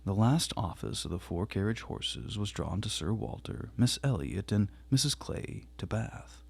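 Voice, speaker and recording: Husky low-voiced male reader. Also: sing-song, a little slow, darkish tone. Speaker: audiobook reader. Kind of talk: reading a classic novel aloud.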